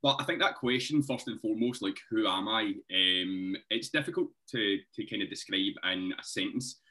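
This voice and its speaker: A man's voice: fairly low pitch, moderate pace, bright, forceful tone. A Scottish man, a personal trainer guest on a podcast, talking earnestly and thoughtfully with frequent laughs. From Scotland. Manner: earnest and reflective, laughs often, says mate. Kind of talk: interview conversation.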